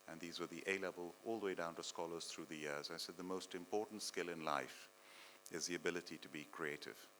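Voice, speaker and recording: A middle-aged man introducing an author at her book launch, speaking with proud, warm praise. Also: low-pitched, a little hiss or hum, low-quality recording. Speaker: event host introducing the author. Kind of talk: introductory speech. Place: cultural centre event hall.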